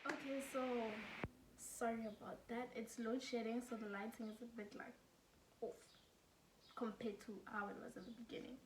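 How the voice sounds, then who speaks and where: A woman's voice: fairly high pitch, flat delivery, moderate pace, background noise. Chatty young South African woman tutor. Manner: chatty, laughs, swears casually, mixes English with Afrikaans. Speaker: student tutor. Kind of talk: casual study-tips video. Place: home room during load shedding. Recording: echoey room, mic at a distance.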